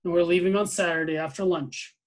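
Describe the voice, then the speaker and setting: An eager, well-meaning young boy speaks from the pages of a novel, as a man reading aloud gives him voice. His voice sits a little high, with earnest and curious questions. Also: steady tone, a little fast, natural voice, rough recording.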